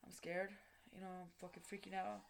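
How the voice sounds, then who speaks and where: A woman telling a personal story straight to camera, blunt and heavily profane, halting and restarting as she goes. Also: lowish voice, flat delivery, vocal fry. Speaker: vlogger recounting a personal story.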